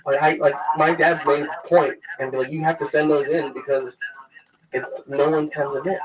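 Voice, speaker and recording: Co-host man, fairly high voice, short reactive questions, crowd noise behind. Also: flat delivery, moderate pace, rough recording. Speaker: podcast co-host. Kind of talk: casual chat.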